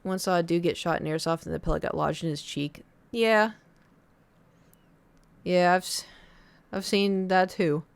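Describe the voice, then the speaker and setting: Animated young woman telling a story. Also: measured pace, gravelly, pauses often, clear, resonant tone. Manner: animated, acts out other people's lines in a high voice. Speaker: streamer. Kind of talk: casual storytelling to chat.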